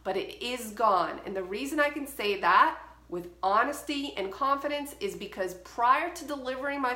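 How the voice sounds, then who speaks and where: Bright and forceful at a medium pitch, a woman delivers solo photography advice to camera in an echoey room. The photography educator and podcast host is firm, direct and emphatic throughout.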